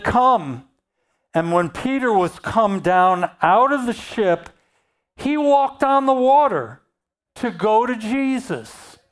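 A preacher giving a sermon, reading scripture aloud and then explaining it and repeating key phrases. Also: mid-range voice.

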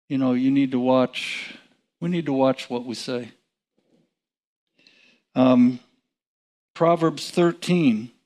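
A man teaching from the Bible in a relaxed, conversational way, chuckling and restarting his sentences. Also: mid-range voice. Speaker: preacher.

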